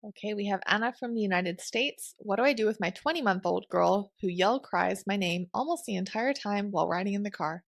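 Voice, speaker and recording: A woman reads listener questions aloud on a parenting podcast, her voice carrying a noticeable gravelly fry. The sound is dry and close, with no room echo. She keeps a plain, steady reading delivery throughout. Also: mid-range voice, a little fast, hardly any pauses.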